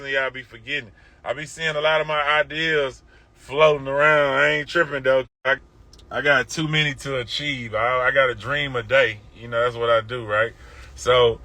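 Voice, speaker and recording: A man with a Southern Houston accent, telling stories to his viewers on a live stream. His tone is bright and forceful, and his delivery is laid-back and full of profane slang. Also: medium pitch. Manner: talks to viewers directly. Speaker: livestream host. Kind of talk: casual storytelling on a live stream.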